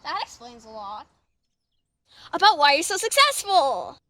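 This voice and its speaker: A woman's voice: high voice, a little slow, no room sound, heavily acted. A woman acting a dry, sarcastic office employee in a comedic audio drama. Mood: sardonic. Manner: deadpan, sarcastic.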